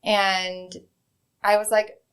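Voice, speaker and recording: A woman's voice: medium pitch, flat delivery, very slow, fairly bright tone, smooth. A woman in her thirties, a bank executive, frankly telling stories from her career as an interview guest. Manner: frank, conversational storytelling. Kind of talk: candid interview answers.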